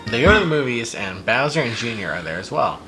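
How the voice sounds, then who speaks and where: A man's voice: mid-range voice, sing-song, fast, over loud music. A man hosting a podcast, casually and animatedly retelling a child's silly story, with plenty of fillers and restarts. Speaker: podcast host.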